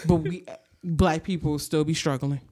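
Woman impersonating a steady grandmother delivering a blunt talking-to; low, measured. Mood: firm. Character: calm, firm grandmother delivering a blunt lecture.

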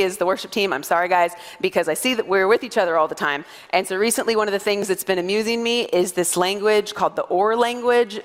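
A woman pastor in her thirties preaches a sermon to her church in a large hall, her voice at medium pitch. She tells stories playfully, laughing often.

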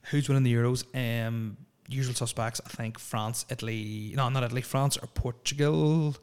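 A man's voice: medium pitch, steady tone, normal speed, darkish tone, clean tone. Profane, rambling man. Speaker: podcast host. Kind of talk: casual solo podcast chat.

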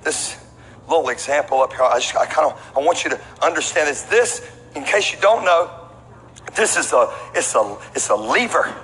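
A middle-aged man preaching with a bright, forceful voice and a slightly raised pitch. He tells stories in an animated way and calls out to the congregation. His voice rings with long reverb through a large church hall, with faint noise behind it. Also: normal speed. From Texas. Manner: animated storytelling preacher with call-and-response asides. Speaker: pastor. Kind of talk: sermon.

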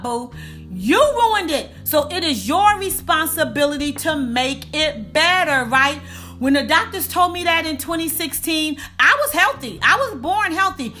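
Woman preaching at folks, calls em y'all, high bright voice, soft music under it. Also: expressive. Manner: preacherly, addresses listeners as y'all; repeats lines for emphasis, slow drawn-out punch words. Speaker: faith and wellness speaker. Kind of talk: preaching motivational talk.

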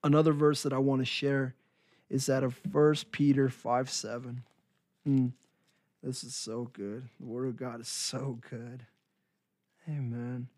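A man's voice: mid-range voice, flat delivery, a little slow, a little mellow, dry recording. A man who works in ministry giving an earnest, encouraging devotional talk, repeating phrases for emphasis. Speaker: Christian minister.

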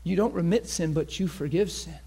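This preacher's voice sits on the high side, brisk and slightly rough with vocal fry. His sermon lurches between fervent near-shouts and quiet, earnest pleas, and he performs crowd voices along the way.

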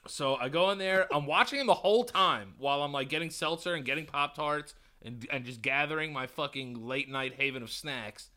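A man's voice: a little high, a little fast, few pauses. A man from New York telling a story in casual chat as a podcast co-host, swearing and acting out the people he quotes. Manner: animated, swearing, acts out quotes loudly.

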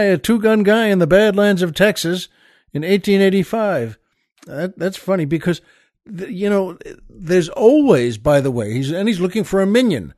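New york guy hosting a comedy show, rambly chatty storyteller, slightly high voice, dry sound. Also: a little mellow, no echo. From New York area. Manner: rambling, chatty joke-telling with asides. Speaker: podcast host. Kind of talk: comic storytelling monologue.

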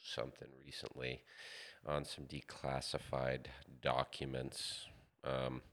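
Host, male, extremely deep but bright-toned, easy and encouraging. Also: monotone, slow pace, gravelly. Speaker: podcast host. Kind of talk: casual conversation.

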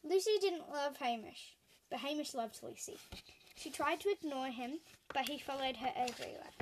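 A woman hosting a children's story show, reading picture books aloud slowly and expressively. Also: high voice, slight background noise. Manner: slow, clear, expressive.

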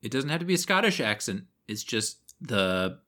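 A man's voice: mid-range voice, very animated, moderate pace, pushed and bright. A man as game master narrating a tabletop game, easygoing and laughing along with the players.

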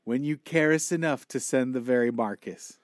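A man co-hosting a comedy podcast, firing off quick puns and silly wordplay. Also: mid-range voice, dry recording, clean studio sound. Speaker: podcast co-host. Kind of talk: joking podcast banter.

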